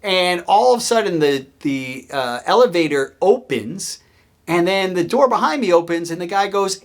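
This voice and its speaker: A man hosting his own show, telling a story about his career in a casual, animated way and acting out the people he quotes. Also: sits high, moderate pace. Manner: animated, acts out quoted voices. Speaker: host.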